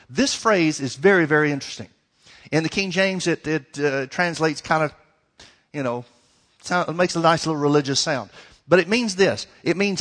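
A male pastor in full sermon, his voice sitting a little high as he leans on key words and speaks to his congregation in plain, folksy terms. His voice carries a long reverb, as if filling a big church sanctuary. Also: normal speed, a bit bright. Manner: emphatic preaching that stretches key words, folksy asides to the congregation. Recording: long reverb of a large hall.

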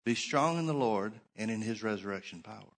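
A middle-aged male pastor preaching a Bible sermon, stressing key phrases by slowing down and repeating them. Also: lowish voice, lively intonation. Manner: preaching with shifting emphasis, slows to stress points.

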